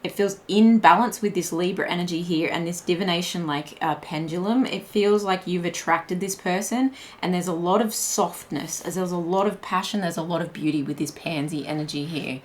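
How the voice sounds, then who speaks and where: A woman's voice: fairly low pitch, moderate pace, few pauses. A young woman giving a pick-a-card tarot reading in a chatty, meandering way, full of "like" and restarts. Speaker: tarot reader.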